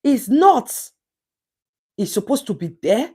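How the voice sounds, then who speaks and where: A woman with a Nigerian English accent hosts a casual live stream, reading viewer comments in an emphatic, preachy manner and repeating words for stress. Her voice is a little high and sing-song, slow-paced, somewhat mellow, with a breathy edge.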